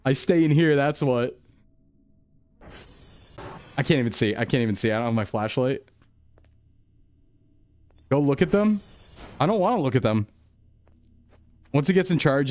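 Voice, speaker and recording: A male streamer with a voice sitting at an ordinary middle pitch. He chats casually while he plays, rambling to himself and to his chat. He is jumpy and quick to startle. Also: a little mellow.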